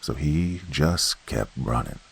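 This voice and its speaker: A man narrating a horror story in a folksy campfire manner, swinging between loud and hushed delivery. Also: a bass voice, expressive, slow, gravelly, slightly rough.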